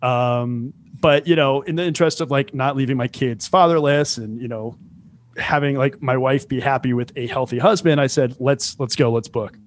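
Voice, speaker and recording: A man's voice: mid-range voice, fairly even intonation, moderate pace, a little hiss or hum. A man in his forties telling a story in casual chat, rambling and self-mocking with lots of fillers. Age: 40s.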